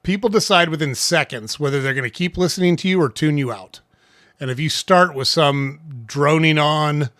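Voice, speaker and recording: A man hosting a casual tips talk, speaking conversationally, often checking in with "right?" and clearing his throat now and then. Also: a little high, bright, forceful tone, no echo, clean studio sound. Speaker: host.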